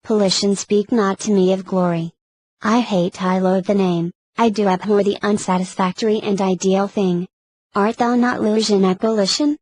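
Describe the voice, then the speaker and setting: Brooding lovesick young lord for an audiobook play, woman reader, mid pitch, dry close sound. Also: steady tone, darkish tone, dry recording, close to an everyday voice, low-quality recording. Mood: impassioned. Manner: reads stage punctuation aloud, measured.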